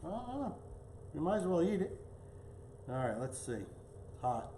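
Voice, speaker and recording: A man's voice: on the high side, very animated, unhurried, mellow, reverberant, a little hiss or hum. A man hosting a casual cooking demonstration in his home kitchen, chatting as he plates and tastes the food. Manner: chatty, talks while tasting and plating. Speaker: cooking show host.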